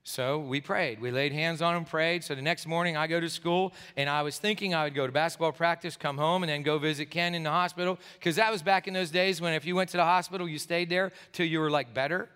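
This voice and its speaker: Worn out from a night without sleep, a middle-aged Pennsylvania pastor delivers a sermon story in a church sanctuary with a hall echo. His slightly high voice is clear and resonant, moving fast with few pauses, as he energetically plays each character.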